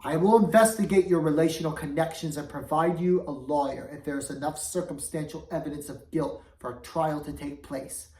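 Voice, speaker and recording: A woman's voice: low voice, a little fast, hardly any pauses, darkish tone, far from the mic, lightly acted. A woman reading as a stern commanding king. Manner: stern, interrogating, roars orders. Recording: roomy, voice away from mic.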